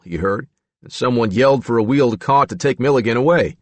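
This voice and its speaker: A man narrating a true-crime audiobook in a measured storytelling manner. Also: mid-range voice, no room sound. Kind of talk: scripted narration.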